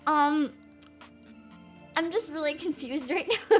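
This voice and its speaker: A woman's voice: very high-pitched, slow, long pauses, soft background music. A woman streaming live as a VTuber, hyper and giggly, chatting casually, swearing freely and greeting viewers by name.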